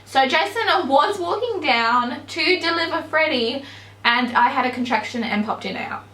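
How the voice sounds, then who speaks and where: Chatty young woman vlogging, bit of vocal fry, roomy echoey sound. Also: high voice, lively intonation, moderate pace, sharp tone. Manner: chatty, many "um"s and "like"s, bursts of laughter. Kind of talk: casual storytelling to camera. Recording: echoey room.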